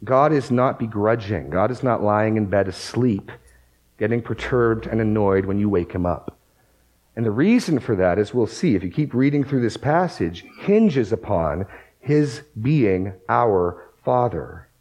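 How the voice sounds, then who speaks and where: A man's voice: on the low side, expressive, measured pace, darkish tone, rough recording. A man preaching a sermon, working through scripture passages and rising to emphatic bursts on key words. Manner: quotes scripture aloud, reads verses with emphasis. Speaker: pastor.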